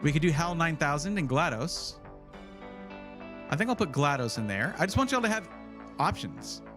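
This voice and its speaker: A man's voice: a little high, sing-song, normal speed, over music. A man hosting a casual livestream, chatty and rambling, often correcting himself as he talks. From United States. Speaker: livestream host.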